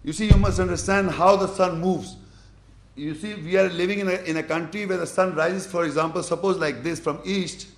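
Male teacher, gravelly, questioning his class, in an echoey room. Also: high-pitched, fairly even intonation, brisk. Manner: questions the class, demonstrates with hands. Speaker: religious teacher. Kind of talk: Quranic lesson to a class.

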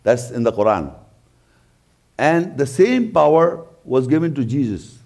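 A man's voice: medium pitch, very animated, unhurried, darkish tone. A man giving a religious talk, explaining scripture verse by verse and stressing key points by repeating them. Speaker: religious lecturer. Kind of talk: scripture commentary.

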